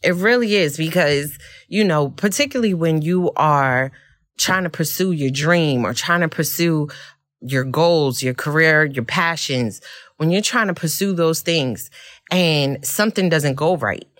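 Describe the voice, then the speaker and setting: Low-voiced woman telling a candid story. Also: measured pace, no echo, clean studio sound. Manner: candid and expressive, with frequent laughs. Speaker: podcast host. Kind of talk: reflective personal storytelling.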